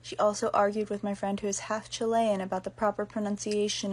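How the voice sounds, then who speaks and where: A young woman listing school memories in dry, quick one-liners. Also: mid-range voice, flat delivery. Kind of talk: casual storytime.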